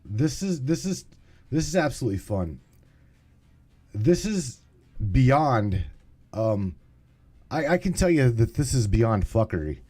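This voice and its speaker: A man runs a casual live call-in stream, rambling and swearing through his tech trouble. His voice leaps up and down in pitch. Faint music plays behind him. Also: very animated, measured pace, long pauses, warm tone. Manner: rambling, swearing, bursts of exasperation. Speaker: podcast host.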